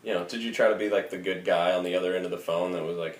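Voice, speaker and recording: A man with a very deep, low voice chats casually as a podcast co-host. He is wry and teasing, and he swears freely. The phone recording sounds roomy, with a faint hiss behind. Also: fairly even intonation, racing. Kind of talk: casual chat.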